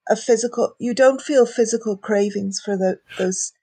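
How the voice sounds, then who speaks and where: Breathy woman interviewer, close and dry. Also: mid-range voice, normal speed, no echo. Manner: curious, frank, relaxed. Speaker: interviewer, podcast host. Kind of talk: conversational interview.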